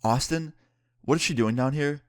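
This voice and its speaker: A stern, exasperated middle-aged father who scolds in a raised voice, as a young man acts him out. The lines sit above the narrator's usual low register. The recording is dry and close. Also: normal speed, a little mellow, no echo, lightly acted. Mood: scolding.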